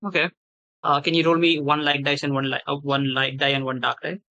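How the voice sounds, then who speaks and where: A man narrating a tabletop horror game as game master, halting and restarting as he improvises. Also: on the high side, flat delivery, bright, forceful tone, lo-fi sound. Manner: halting, many restarts and fillers while improvising.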